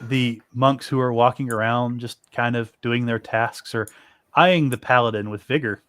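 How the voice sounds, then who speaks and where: A man narrating as game master, halting with many fillers. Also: medium pitch, steady tone, fairly bright tone, no room sound.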